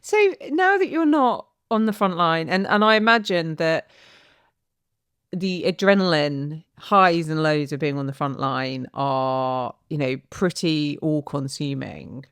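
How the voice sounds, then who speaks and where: A woman with a very low voice, co-hosting a podcast. She asks her questions in a thoughtful, casual way, and the sound is dry. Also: a little slow, fairly bright tone, smooth, no room sound. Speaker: podcast co-host.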